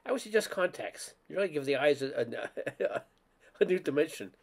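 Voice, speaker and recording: A man's voice: fairly high pitch, animated, moderate pace, creaky. A man voicing a polished, pushy female cosmetics saleswoman with condescending sales patter, reading a story aloud.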